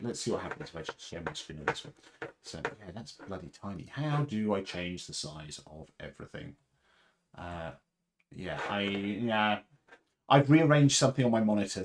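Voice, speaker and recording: Man, casual livestream chat, rambling and chatty, fairly low voice. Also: a little hiss or hum. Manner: rambling, chatty with fillers and laughs. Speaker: livestream host.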